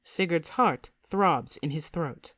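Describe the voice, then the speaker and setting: Woman narrating a fantasy audiobook, even and measured, dry close mic. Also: low-pitched, dry recording. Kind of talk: scripted narration.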